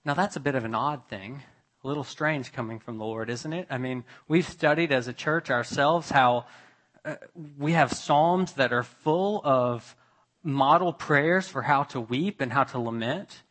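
A man delivers a sermon at an unhurried, deliberate pace, leaving long pauses between phrases. His voice sits at an ordinary middle pitch, climbing sharply and growing loud at emphatic moments before falling back to near-whispered quiet. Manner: slow, with long pauses, rising to emphatic peaks. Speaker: pastor.

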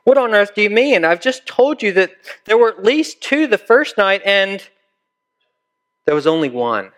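A man's voice: sits high, very animated, normal speed, fairly bright tone, pitched above the performer's own voice. A man doing a curious, indignant young boy. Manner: raised, questioning storybook voice.

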